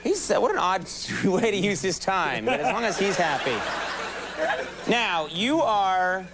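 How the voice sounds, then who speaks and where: A man's voice: high-pitched, big pitch swings, moderate pace, over a noisy crowd. A man in his thirties hosting a late-night talk show, trading jokes with his guest and laughing as he talks, in a studio. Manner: wisecracking, laughs while talking. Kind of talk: joking interview banter. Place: TV studio with live audience. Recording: noisy VHS broadcast with loud audience laughter.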